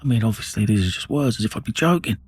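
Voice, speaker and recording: A husky middle-aged man with a fairly low voice recounts his own true-crime story. He talks bluntly and with intensity, swearing freely throughout. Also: lively intonation, quick pace, no room sound. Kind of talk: raw first-person true-crime storytelling.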